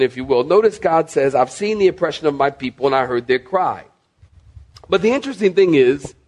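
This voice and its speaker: A male pastor preaching a sermon, repeating key phrases and calling on the congregation to respond. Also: fairly high pitch. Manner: calls on listeners to respond and mark their bibles.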